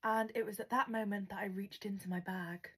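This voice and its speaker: A woman's voice: mid-range voice, fairly even intonation, a little fast, a bit bright, slight background noise. Sassy woman telling a story. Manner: sassy, wry comments between reading. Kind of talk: storytime narration with asides.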